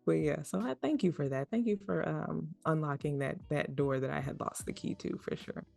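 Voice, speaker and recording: Gravelly-voiced woman podcast guest. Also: deep voice, normal speed, soft background music. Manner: reflective, open, animated when joking. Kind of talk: casual conversation.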